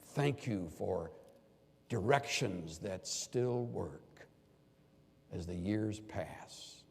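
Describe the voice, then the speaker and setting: An older man preaching a sermon in earnest, animated tones, now and then acting out pleading quoted voices. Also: sits low, drawn-out words, creaky, a little hiss or hum. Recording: long reverb of a large hall.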